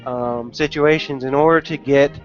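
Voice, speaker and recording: Measured man explaining at length. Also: a little high, steady tone, soft background music. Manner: measured, explanatory, thinking aloud with fillers. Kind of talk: casual group chat. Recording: dull lo-fi online call audio.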